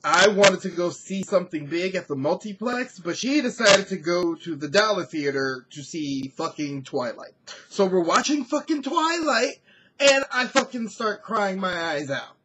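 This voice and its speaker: A whiny, melodramatic young man performing in his own homemade comedy sketch. His pitch rises and falls a lot as he complains and tells stories. A steady hiss of noise sits under the recording. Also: measured pace. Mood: storytelling. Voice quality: whiny, dramatic. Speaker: sketch comedian and show host.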